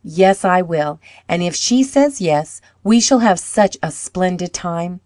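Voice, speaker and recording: A woman reading the lines of an eager, boastful schoolboy in a storybook, lifting her voice with excitement. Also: lowish voice, slow, dry recording, clean studio sound.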